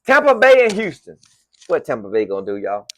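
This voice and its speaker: A man's voice: fairly high pitch, brisk, dry recording, clean studio sound. A man in his forties from Florida with a Southern US accent, hosting a casual sports podcast monologue with emphatic, repetitive delivery. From Florida, USA. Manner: animated, emphatic, repeats phrases for effect. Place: home room with team decorations.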